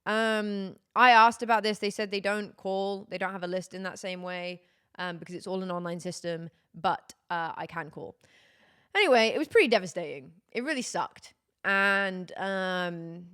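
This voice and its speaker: A woman's voice: medium pitch, normal speed, a bit bright, clear, resonant tone. A young woman, chatting candidly with her stream viewers, wry and laughing through her complaints. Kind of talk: casual chat to stream viewers.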